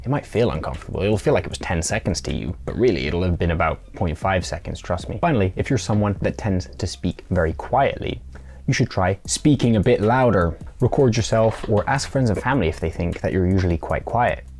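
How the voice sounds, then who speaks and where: A man with a deep, darkish voice delivers a scripted tutorial at a brisk clip, his intonation lively. He keeps it playful, now and then slipping into little mock conversations he acts out himself.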